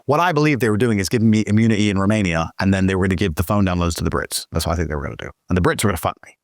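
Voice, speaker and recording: A man's voice: deep voice, racing, no echo, studio quality. A man speaking as a guest in a podcast interview, telling his story in a heated, profane way.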